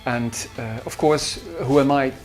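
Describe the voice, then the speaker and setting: A man with a Dutch accent, a musician recalling studio sessions in a halting way with many fillers. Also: medium pitch, fairly even intonation, faint music behind. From Netherlands. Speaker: musician and producer. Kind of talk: behind-the-scenes recollection.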